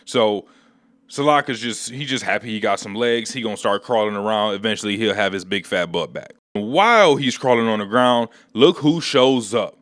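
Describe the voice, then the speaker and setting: A man's voice: fairly low pitch, moderate pace, fairly bright tone, no room sound. A man hosting a casual comic book recap, telling the story in slangy, laid-back speech on a close mic.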